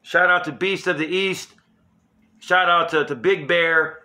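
A man's voice: fairly high pitch, fairly even intonation, a little slow, sharp tone. A man hosting his own sports channel, delivering a heated, emphatic, profane fan rant.

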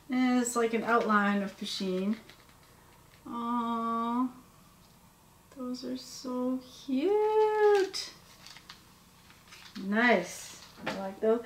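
Woman, tired, rambling, gushing, slow and a bit high, echoey room, faint hum behind. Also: lively intonation, pushed and bright. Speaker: vlogger. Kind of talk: casual unboxing chat. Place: home workspace.

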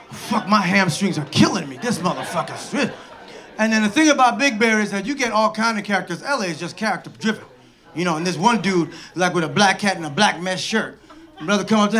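A high-voiced stand-up comedian performs a loud, fast routine on a comedy club stage, telling animated stories and shouting out character voices. The live recording captures a laughing crowd throughout.

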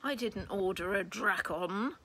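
A woman voicing a huge, blustering male god of the underworld in a booming, roaring manner. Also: fairly even intonation, moderate pace, fairly bright tone, slight background noise.

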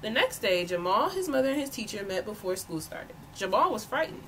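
A woman volunteer reading a children's picture book aloud with expressive storytelling. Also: medium pitch, a little fast, noisy background. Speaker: volunteer reader.

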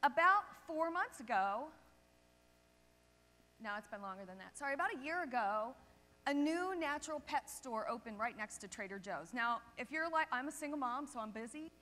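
High-voiced woman telling stories in a reverberant hall. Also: moderate pace. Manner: lively anecdotal, addresses audience with "right?". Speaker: chiropractor speaking at a seminar. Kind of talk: storytelling seminar talk. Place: seminar hall stage. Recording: long reverb of a seminar hall.

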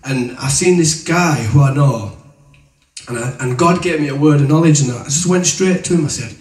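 A man's voice: on the high side, moderate pace, a little mellow, recorded from a distance. Man preaching in an echoey room. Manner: chatty, colloquial storytelling. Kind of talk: testimony and teaching. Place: room with an audience. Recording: echoey room, voice from away from the mic.

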